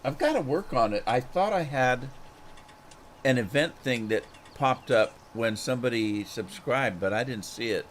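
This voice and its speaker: A man streams a farming game and tells a rambling anecdote, chuckling and repeating words, before greeting viewers in chat. His mid-range voice has lively intonation and a moderate pace, with slight background noise, in the manner of a gaming streamer's casual storytelling.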